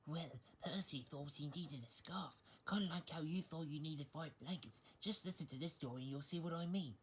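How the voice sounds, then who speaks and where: Someone voicing a calm storyteller character in a homemade story video. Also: mid-range voice, brisk, background noise, lightly acted.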